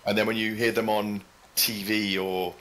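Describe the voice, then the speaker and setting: A man's voice: lowish voice, flat delivery, normal speed, pushed and bright, a little hiss or hum, rough recording. A man in casual chat, making dry, teasing remarks.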